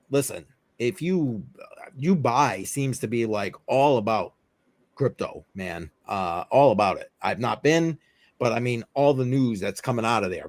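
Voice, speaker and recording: A man hosts a loose, chatty crypto show. His talk wanders with fillers and offhand asides. The sound is dry and close, and his pitch sits in a middle range. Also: no echo. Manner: rambling and offhand, many fillers. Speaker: host of a crypto news livestream. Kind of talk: casual talk-show chat.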